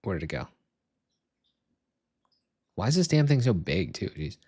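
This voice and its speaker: A young man streaming live as he sets up software, swearing and muttering in frustration as he talks to himself and his viewers. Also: deep voice, very animated, unhurried, slightly rough, no echo, studio quality.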